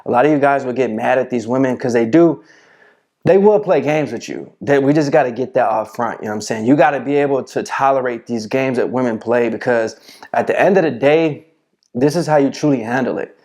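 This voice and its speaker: A man's voice: mid-range voice, a little fast, a little mellow. A man giving casual dating advice to camera, swaggering and full of slang, often asking "you know what I'm saying".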